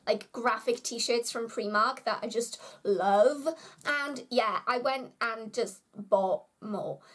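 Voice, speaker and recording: A young woman from the UK talks through her shopping haul in a casual, chatty vlog. Her voice sits high, and she comes across as bubbly and quick to poke fun at herself. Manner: bubbly, chatty and self-mocking. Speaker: vlogger.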